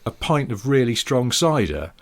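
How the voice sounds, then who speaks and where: A man's voice: medium pitch, very animated, normal speed. A man co-hosting a podcast, telling a rambling story in casual chat and laughing often. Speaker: podcast co-host.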